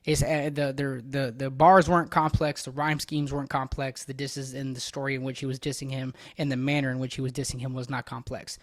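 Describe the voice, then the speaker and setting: A man's voice: mid-range voice, little pitch movement, fairly quick, few pauses. A man hosting a reaction video, giving blunt, opinionated casual commentary that rambles with frequent restarts. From United States.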